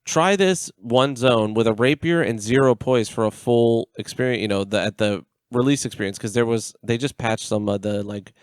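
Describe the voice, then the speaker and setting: A man's voice: mid-range voice, moderate pace, hardly any pauses, clean tone, dry recording, studio quality. A man co-hosting a casual podcast, telling an online argument story with laughs and swearing. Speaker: podcast co-host. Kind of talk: casual chat.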